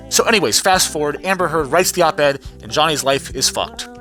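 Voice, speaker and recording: A man recapping a trial in a casual vlog, telling the story in a profane, animated way and acting out quotes in other voices. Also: on the high side, a little fast, faint music behind.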